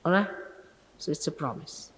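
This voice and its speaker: A woman's voice: low voice, lively intonation, moderate pace, roomy sound, long reverb tail, slight background noise, low-quality recording. An older woman giving an informal sermon to her followers as a spiritual teacher, emphatic and scolding, full of rhetorical questions, in an old archive recording.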